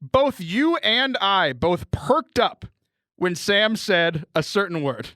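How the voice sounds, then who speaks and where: High, lively joking male podcast host. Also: dry recording, studio quality. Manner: jokey, self-deprecating, quick laughs. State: has bronchitis. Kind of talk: casual chat.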